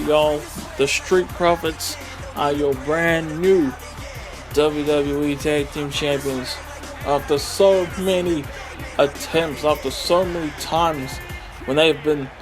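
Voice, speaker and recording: A man commentating a wrestling video game with excited play-by-play, full of exclamations and mild swearing. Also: fairly high pitch. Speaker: gaming commentator.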